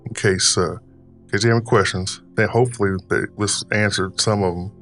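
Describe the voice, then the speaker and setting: A man's voice: lowish voice, steady tone, fairly quick, fairly bright tone, faint music behind, close to an everyday voice. A man putting on a drawling Southern accent as a folksy old grandpa character, rambling casually with lots of fillers. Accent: put-on Southern US. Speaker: podcast host.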